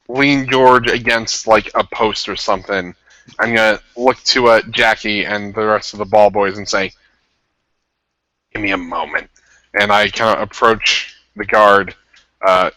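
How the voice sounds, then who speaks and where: Guy playing a tabletop game, low but bright voice, dry close sound. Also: little pitch movement, a little slow, no echo, rough recording. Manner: loose, hesitant, describing actions. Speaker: player. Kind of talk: casual tabletop play.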